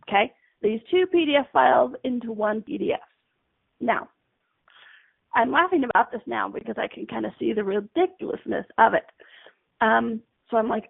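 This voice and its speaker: A woman's voice: fairly high pitch, vocal fry, dry recording. Chatty woman host on a tinny line. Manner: chatty storytelling, acts out her own panicked inner voice. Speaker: radio show host. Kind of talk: casual monologue. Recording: dry, tinny phone-line sound.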